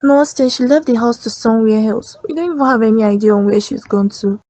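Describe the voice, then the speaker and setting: A woman with a Nigerian accent voicing a troubled young sister in an animated drama, subdued and evasive. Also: fairly high pitch, fast, close to an everyday voice.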